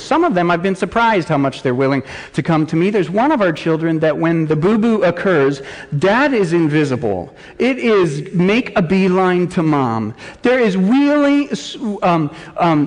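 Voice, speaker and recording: Uomo pastore che predica in una chiesa riverberante. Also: male voice, on the high side. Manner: earnest preaching, voices prayers with rising cries. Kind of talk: sermon. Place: church sanctuary. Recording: long church reverb.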